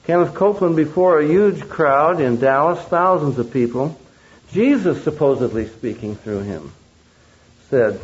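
A man's voice: mid-range voice, lively intonation, measured pace, darkish tone. A man preaching a sermon, emphatic and full of rhetorical questions to the audience. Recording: dull lo-fi recording.

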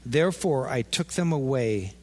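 Lively man preaching in an echoing hall. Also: medium pitch, moderate pace. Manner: animated, acts out imagined dialogue. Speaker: pastor. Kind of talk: sermon. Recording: long echo of a large hall.

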